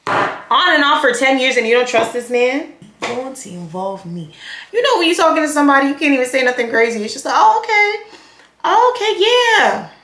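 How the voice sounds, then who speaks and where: A young woman chats through a messy storytime while putting on her makeup. She talks in a lively, animated way and acts out everyone's lines. The sound bounces around an echoey room. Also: high-pitched, fairly quick. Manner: chatty, animated, acts out quotes. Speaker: vlogger.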